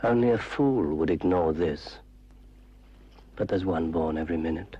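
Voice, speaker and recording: An older man voicing a menacing male spirit of dark water, speaking in a slow, sinister, deliberate way. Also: low voice, muffled recording, close to an everyday voice. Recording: noisy old public information film audio.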